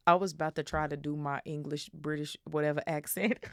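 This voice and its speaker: A woman's voice: low-pitched, little pitch movement, slow, long pauses, no echo, studio quality. A young woman from Chicago reading a novel aloud and chatting bluntly, with swearing, as a podcast host. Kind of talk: casual book-club reading and chat. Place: home, seated in a squeaky chair. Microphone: studio microphone.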